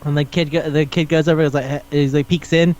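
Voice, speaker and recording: A man's voice: on the high side, flat delivery, a little fast, a little mellow, lo-fi sound. A man hosting a podcast in casual chat, retelling stories animatedly and acting out the characters' lines. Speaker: podcast host.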